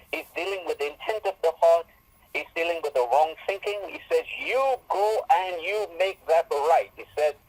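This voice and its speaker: Animated man teaching a sermon, lo-fi. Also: a little high. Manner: emphatic, repeats phrases for stress. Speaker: Bible teacher.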